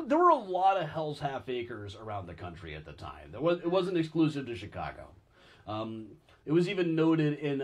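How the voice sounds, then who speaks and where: Male history lecturer, husky and animated, wry storyteller. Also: medium pitch. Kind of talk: public history lecture with audience questions.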